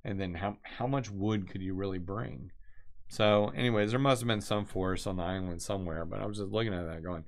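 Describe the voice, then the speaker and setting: A man's voice: low-pitched, moderate pace. A man with a nasal voice chatting casually on a live stream, rambling with many restarts. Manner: rambling, restarts often, excitable.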